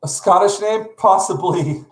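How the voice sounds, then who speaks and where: A man's voice: high-pitched, unhurried. A middle-aged man from North Carolina, chatting casually with stream viewers in a rambling, self-correcting, friendly way. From North Carolina, USA. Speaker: live art streamer. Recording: echoey room.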